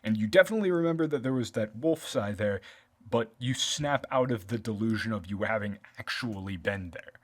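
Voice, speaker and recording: A man's voice: fairly low pitch, lively intonation, fairly quick. Rambling man running a tabletop game. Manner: loose, rambling description with many fillers. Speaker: game master.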